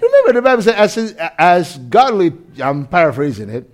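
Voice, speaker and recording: Lively man preaching a sermon. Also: high voice, moderate pace, hardly any pauses. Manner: animated, swings from loud shouts to quiet intensity; laughs between lines. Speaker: pastor.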